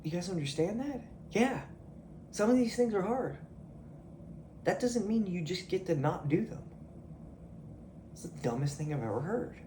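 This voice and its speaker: A man's voice: sits high, expressive, normal speed, pauses often, dark tone, a little hiss or hum. A man delivering a blunt, profane motivational rant straight at his viewers. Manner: blunt, swearing, confrontational. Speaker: video creator. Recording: echoey room.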